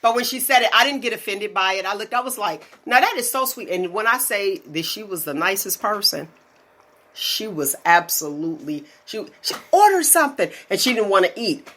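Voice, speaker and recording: A woman in her forties telling stories in casual chat as a podcast host, animated and often laughing. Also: mid-range voice, normal speed. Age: 40s.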